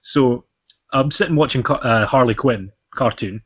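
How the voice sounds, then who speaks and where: A young Scottish man telling animated stories in a casual podcast chat, full of ums and restarts. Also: mid-range voice, moderate pace, breathy edge. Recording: dull lo-fi podcast audio.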